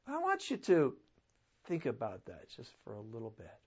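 Animated male preacher, dull lo-fi sound. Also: high voice, moderate pace. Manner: animated, acts out quoted voices. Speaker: pastor. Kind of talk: sermon.

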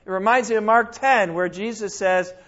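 High-voiced man teaching the Bible, lo-fi. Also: normal speed. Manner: lively, exclaims and self-corrects often.

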